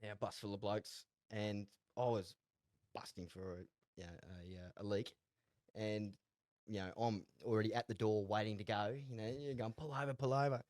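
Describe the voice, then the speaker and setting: Casting: young Australian bloke, low voice, dry close mic, easygoing yarn-spinner. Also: male voice, fairly even intonation, moderate pace, darkish tone, dry recording. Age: 20s. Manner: laid-back, rambling, laughs often, repeats words. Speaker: guest, jockey and horse trainer. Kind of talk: casual interview storytelling.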